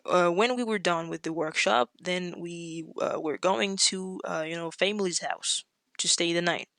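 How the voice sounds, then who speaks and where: A woman, a podcast guest, tells a story in a casual chat and acts out the quotes with sudden leaps in pitch. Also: normal speed, gravelly, a bit bright, dry recording, studio quality.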